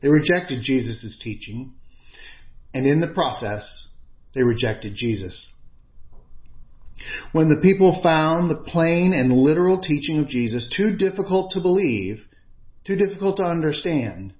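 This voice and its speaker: A man's voice: a little high, lively intonation. Earnest male preacher on dull audio. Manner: earnest, measured, emphatic. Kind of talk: sermon.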